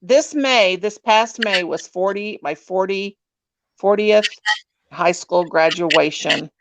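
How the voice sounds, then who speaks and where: A woman's voice: mid-range voice, takes it slowly, background noise. A woman in her fifties hosting a casual live stream, chatty and self-mocking, often trailing off and restarting. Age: 50s. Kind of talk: casual chat.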